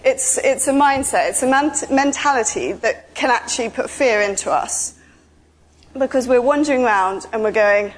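A woman giving an informal, chatty sermon, telling stories with lively asides. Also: a little high, moderate pace. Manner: chatty, animated storytelling with asides. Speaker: preacher.

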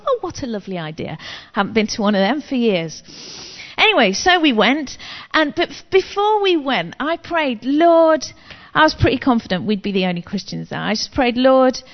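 A woman preaching from her own experience, frank and chatty, with a self-deprecating streak. Her voice sits at an ordinary middle pitch for a woman. It's a muffled, lo-fi recording with a long echo, as if made in a large hall. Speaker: Christian speaker. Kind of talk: testimony-style preaching. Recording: long reverb, dull lo-fi sound.

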